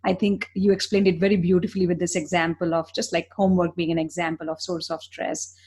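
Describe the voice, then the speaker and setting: A middle-aged woman who is a child psychiatrist, hosting a podcast and talking in a halting way with restarts. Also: on the low side, flat delivery, darkish tone, slightly rough. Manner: halting, with restarts and fillers while building a thought. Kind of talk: podcast conversation.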